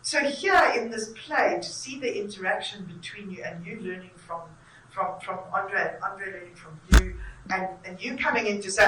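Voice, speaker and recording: A woman's voice: mid-range voice, moderate pace, a bit bright, slight background noise. A woman interviewing theatre makers, talking effusively and at length. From South Africa. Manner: effusive, talkative. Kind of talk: enthusiastic conversational interview. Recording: echoey room, mic at a distance.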